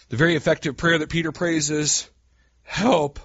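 A man preaching a sermon in a folksy, animated way, calling his listeners "guys" and swinging from quiet asides to loud cries. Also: fairly high pitch, normal speed, gravelly, dry recording, muffled recording.

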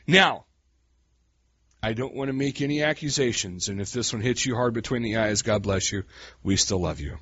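A man preaching a sermon in a folksy, animated way, calling his listeners "guys" and swinging from quiet asides to loud cries. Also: medium pitch, normal speed, husky, highs cut off.

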